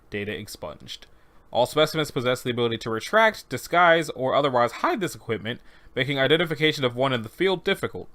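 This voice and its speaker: A man reads creepy fiction aloud at a relaxed pace, his pitch rising and falling a lot. He stays deadpan, drops dry sarcastic asides and corrects his own slips. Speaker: reader of horror fiction.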